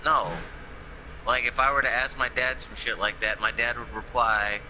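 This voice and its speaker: A young man in casual chat with friends, telling crude jokes in a deadpan, profane way. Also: medium pitch, moderate pace, noisy background. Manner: deadpan joke delivery, profane.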